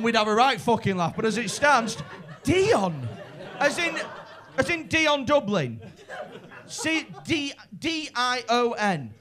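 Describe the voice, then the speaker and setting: A stand-up comedian with a Liverpool accent doing crowd work, brash, sweary and teasing. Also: male voice, very high-pitched, sing-song, measured pace, noisy background. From Liverpool, England.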